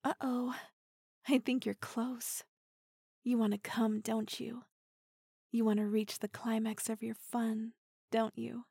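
Give me a playful, dominant young woman voiced by an actress in an intimate audio role-play, with a slightly high, breathy voice. She teases slowly and giggles often, dropping into soft half-whispers close to a dry-sounding mic. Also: little pitch movement, no room sound, heavily acted. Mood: teasing. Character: playful teasing dominant female partner.

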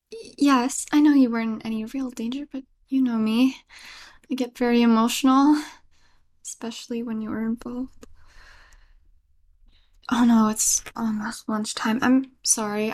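Woman playing a yandere girlfriend, whispered role-play, higher voice, slow and soft, stammering, giggly. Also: lightly acted. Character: clingy obsessive young yandere girlfriend, tender and apologetic.

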